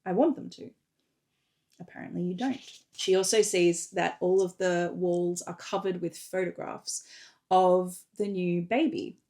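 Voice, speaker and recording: A woman author casually retelling and reading from her book for a readalong recap, with relaxed fillers as she goes. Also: fairly low pitch, measured pace.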